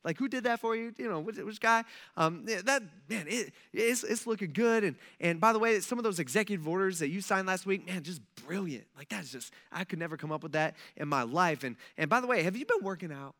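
A man voicing a nervous royal servant who rambles in fawning flattery to his king. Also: high-pitched, a little fast. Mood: flattering.

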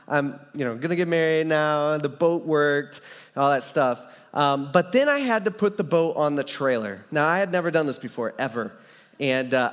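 A man's voice: on the high side, a bit bright. A young man preaching a sermon and telling a personal story in a casual, rambling way, full of fillers and restarts. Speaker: pastor. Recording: long hall reverb.

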